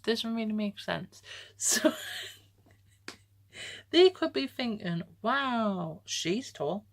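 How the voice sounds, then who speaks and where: A woman's voice: a little high, sing-song, drawn-out words. A young woman reading aloud an old letter she wrote to herself, breaking off to comment and laughing often, in a casual reflective way.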